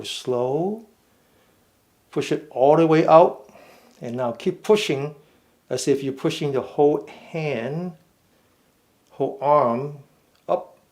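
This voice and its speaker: A middle-aged man leading a seated mindful fitness class, giving slow, patient step-by-step cues. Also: mid-range voice, a little mellow. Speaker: fitness and meditation instructor. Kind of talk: guided seated exercise class.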